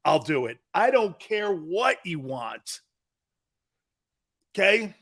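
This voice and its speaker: Animated man ranting on sports talk. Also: high-pitched, takes it slowly, breathy edge. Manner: loud, animated, bantering rants. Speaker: sports talk show host.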